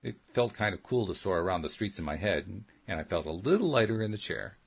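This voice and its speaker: A man hosting a radio show, reading a memoir aloud in the first person with steady, earnest delivery. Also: low-pitched, quick pace, gravelly, husky.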